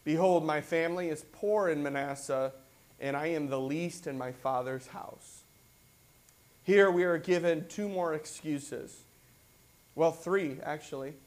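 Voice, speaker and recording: Male pastor, high-pitched, conversational sermon delivery, reads verses and unpacks them. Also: measured pace. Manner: conversational preaching, reads scripture then explains it; acts out quoted voices with rising excitement.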